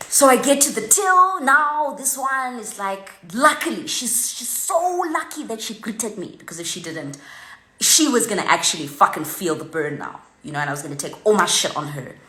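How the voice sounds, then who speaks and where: Vlogger: woman, animated swearing storyteller, echoey room. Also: medium pitch, normal speed. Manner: animated, heavily profane, tells a story with many fillers. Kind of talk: unscripted ranting anecdote. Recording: roomy echo.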